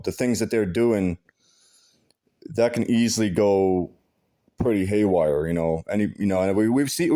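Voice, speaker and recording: A man talking in a casual rambling monologue, halting with many fillers and restarts, blunt and full of profanity. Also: sits low, dark tone. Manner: heavy profanity, blunt and aggrieved. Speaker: vlogger.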